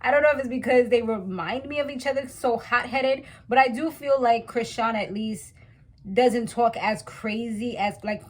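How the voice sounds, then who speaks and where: Chatty woman giving a slangy recap. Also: on the high side. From West Indies. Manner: chatty, slangy, talks straight to viewers. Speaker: reality TV recap host. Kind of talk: casual episode recap.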